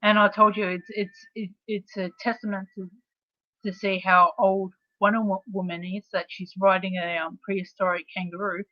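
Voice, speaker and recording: A woman's voice: mid-range voice, level tone, moderate pace, no room sound, muffled recording. A woman with an Australian accent co-hosting a livestream, teasing and explaining things at length in casual chat. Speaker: co-host.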